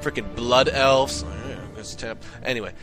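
A man telling a comic story in an excitable, profane, ranting way. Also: mid-range voice, normal speed, music in the background. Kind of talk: comedic monologue.

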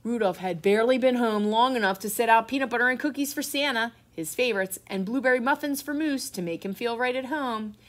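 A middle-aged woman, a teacher reading a picture book aloud to children, expressive and full of surprise. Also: on the high side, a little fast, few pauses. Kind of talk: children's read-aloud storytime.

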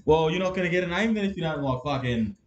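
A man's voice: fairly high pitch, animated, fast talker, highs cut off, faint music behind. A young Australian man hosting a card-opening stream, joking crudely and bantering. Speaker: card-breaking stream host. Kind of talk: casual banter while opening cards.

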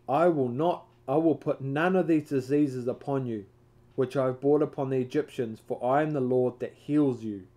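Leading a Bible study, a man reads aloud from a devotional book in a measured way, occasionally stumbling and correcting himself. His voice is mid-range and warm.

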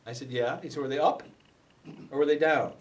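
A man telling a personal story to a group in a talk, acting out the quoted dialogue with lively energy. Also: fairly high pitch, a little fast. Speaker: speaker giving a book talk. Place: meeting room before a live group. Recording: voice from far off the mic.

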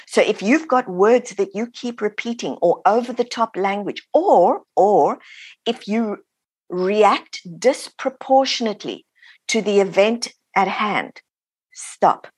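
Husky-voiced woman guest, lively, does little voices for quotes, dry close sound. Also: mid-range voice, slow, dry recording. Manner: animated, acts out quoted voices. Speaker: author and guest. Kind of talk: interview answers, teaching.

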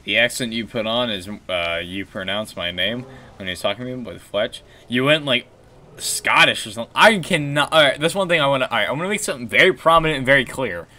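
A man's voice: mid-range voice, expressive, quick pace, bright, forceful tone. A man casually chatting while streaming a game, rambling and answering chat. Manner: rambling, restarts, reads chat.

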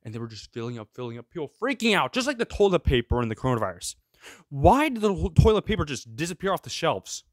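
Sarcastic ranting man, fairly high voice. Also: big pitch swings, fast, no room sound, clean studio sound. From of Greek heritage. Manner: sarcastic, full of rhetorical questions. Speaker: show host. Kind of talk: ranting solo commentary.

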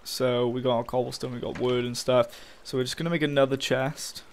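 A young man with a medium-pitched, flat voice talks briskly over slight background noise. He's a gaming YouTuber doing Minecraft let's play commentary, swearing casually and ranting in frustration about his losses on the map.

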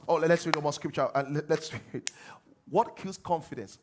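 A man with a Nigerian accent preaching a sermon as pastor, animated, dropping low to mimic prayers and rising loud to exhort. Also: normal speed.

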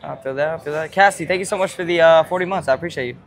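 A man's voice: on the high side, rapid-fire. A young man streaming live from a pub, laid-back and thanking viewers as he chats. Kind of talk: casual live-stream chat. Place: Irish pub.

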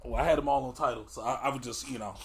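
A man's voice: medium pitch, rapid-fire, creaky, a little hiss or hum. A man hosting a music reaction video, chatting casually in a playful, laughing, slangy way.

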